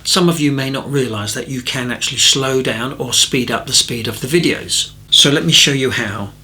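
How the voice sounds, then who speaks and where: A bright, clear-toned man, middle-aged, talks through watercolour questions in an easygoing teaching manner. He pitches at an ordinary level and keeps it chatty, making light fun of himself as he goes. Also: moderate pace. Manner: chatty and self-deprecating, with gentle jokes. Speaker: watercolour tutor. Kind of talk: relaxed tutorial talk answering viewer questions.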